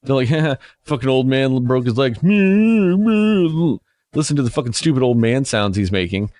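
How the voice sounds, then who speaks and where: A man's voice: mid-range voice, a little fast, darkish tone. A young man recapping a movie in a casual, rambling way, sarcastic and swearing a lot, slipping into mocking voices for the people he describes. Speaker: movie reviewer.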